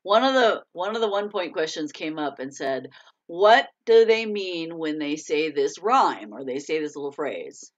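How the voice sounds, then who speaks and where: A middle-aged American woman, an author, chatting casually to a live audience, laughing often and breaking into excited bursts. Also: deep voice, measured pace. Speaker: author hosting a live chat. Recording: dull lo-fi stream audio.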